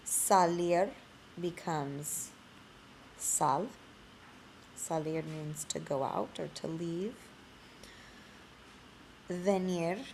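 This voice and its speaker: A woman teaching a Spanish lesson in a screencast, explaining slowly. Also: lowish voice, vocal fry, darkish tone, a little hiss or hum.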